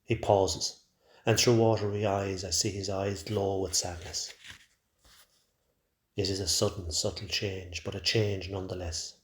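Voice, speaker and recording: A man narrating a first-person story in a quiet, measured way. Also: low voice, little pitch movement, a little hiss or hum. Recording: roomy echo.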